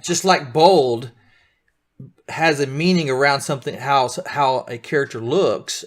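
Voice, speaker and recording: A middle-aged man leads a live beginner coding lesson at an even pitch. He explains each step patiently and keeps asking his students whether they are following along. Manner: patient, checks in often with students. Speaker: coding teacher.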